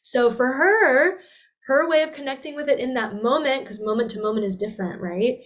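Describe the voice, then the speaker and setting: A woman's voice: sits high, moderate pace. A young woman voice teacher explaining and demonstrating with sung and sighed sounds. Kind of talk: teaching talk with vocal demonstrations.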